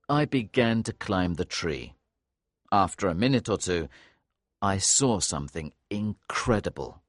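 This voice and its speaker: A man giving a scripted audiobook narration of a story in a clear, lively storytelling manner. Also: sits low, unhurried, no echo, clean studio sound.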